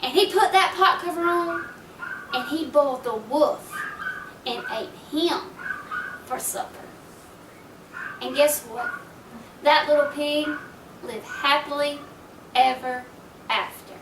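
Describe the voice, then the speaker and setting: A woman's voice: high voice, takes it slowly, long pauses, a bit bright, a little hiss or hum. A woman retelling a folk tale aloud, folksy and chatty, with asides to her listeners. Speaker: storyteller. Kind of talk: oral storytelling retelling. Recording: roomy echo from a distant mic.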